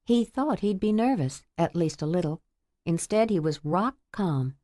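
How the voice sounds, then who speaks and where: A woman narrating a romance novel audiobook in a measured, intimate storytelling manner. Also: fairly low pitch, lively intonation, mellow, dry recording, studio quality.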